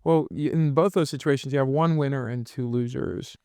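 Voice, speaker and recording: Gravelly-voiced man telling stories. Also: mid-range voice, a little fast, darkish tone, no echo, clean studio sound. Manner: earnest storytelling, acts out quoted voices. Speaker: podcast host and business consultant. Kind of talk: reflective podcast conversation. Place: his home.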